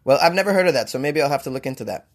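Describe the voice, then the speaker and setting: A man's voice: on the high side, lively intonation, very fast. A man hosting a comedy podcast, riffing in a jokey, rambling way with self-mocking asides. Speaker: podcast host. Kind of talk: casual comedic monologue.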